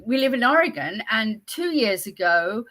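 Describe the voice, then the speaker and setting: A woman's voice: fairly high pitch, very animated, moderate pace, fairly bright tone, low-quality recording. An older woman with a Southern English accent, chatting casually and a bit ramblingly as a guest, wry and talkative. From England. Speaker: guest, host's mother. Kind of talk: casual chat.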